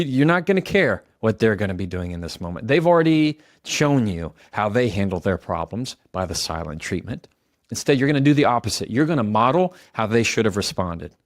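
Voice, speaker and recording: A man's voice: lowish voice, no room sound, studio quality. A man giving earnest communication advice, coaching the listener and acting out example phrases. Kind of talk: advice talk to camera.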